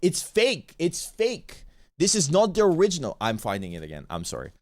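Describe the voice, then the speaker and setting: A man's voice: a little high, huge pitch swings, normal speed, dry recording. A man streaming a watch party who rants in casual chat, swearing often and repeating himself. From Bosnia.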